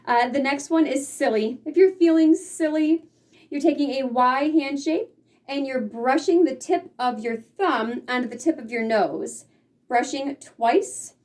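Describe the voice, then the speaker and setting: A woman's voice: high-pitched, unhurried, far from the mic. Patient woman teaching, heard from off-mic. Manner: patient, explanatory, acts out feelings. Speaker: sign language teacher. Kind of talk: casual instruction.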